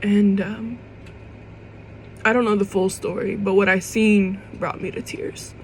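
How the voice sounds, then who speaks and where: A woman's voice: medium pitch, flat delivery, a little hiss or hum, low-quality recording. Young woman speaking heartfelt, near tears. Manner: heartfelt, rambling, fighting back tears; casual swearing, halting restarts. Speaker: vlogger. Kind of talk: emotional personal monologue to camera.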